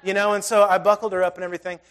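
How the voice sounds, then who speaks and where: A man in his thirties with a high voice preaches in a relaxed, conversational way. He tells self-deprecating stories and swings between loud emphasis and near-hushed asides. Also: racing, smooth. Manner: storytelling with self-deprecating humor. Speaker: pastor. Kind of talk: conversational sermon.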